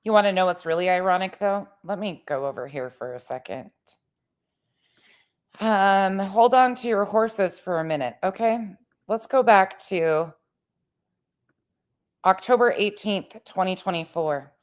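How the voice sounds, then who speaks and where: A woman's voice: lowish voice, animated, moderate pace. Woman streamer, blunt and questioning, swears casually. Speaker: live stream host. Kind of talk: casual live stream commentary.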